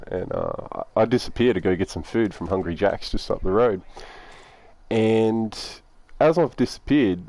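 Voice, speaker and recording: Young Aussie streamer, low voice, relaxed rambling storyteller who swears a lot. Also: male voice. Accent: Australian. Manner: rambling, laid-back, heavy swearing. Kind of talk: casual storytelling.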